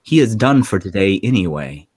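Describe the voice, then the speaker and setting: A man's voice: sits low, big pitch swings, normal speed, a little mellow. A man voicing a stiff, formal woman interpreter. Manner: stiff, careful, formal phrasing. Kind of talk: tabletop role-play voicing.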